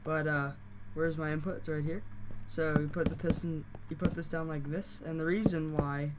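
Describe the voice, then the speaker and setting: A hoarse game tutorial host who is losing their voice, explaining steps casually with fillers and frequent self-corrections. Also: mid-range voice, fairly even intonation, moderate pace, heavy background noise. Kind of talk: casual screen-recorded tutorial.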